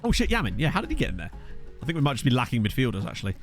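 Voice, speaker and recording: A man's voice: medium pitch, huge pitch swings, very fast, soft background music. Jokey young man streaming. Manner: jokey, riffing on viewers' names. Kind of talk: casual gameplay commentary reading chat.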